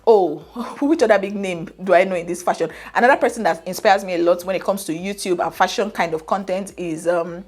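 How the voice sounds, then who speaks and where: A woman with a Nigerian accent, a fashion YouTuber chatting casually to camera. She talks freely and keeps checking in with her viewers through "right?" and "okay?" as she speaks into a boom-style camera mic. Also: fairly quick, a little mellow. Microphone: boom-style camera microphone.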